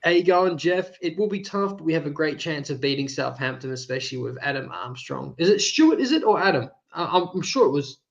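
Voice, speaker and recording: A man with an Australian accent, co-hosting a casual fan chat, jokey and quick to laugh. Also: on the high side, lively intonation, gravelly, dull audio. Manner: jokey, chatty, laughs often. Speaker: co-host.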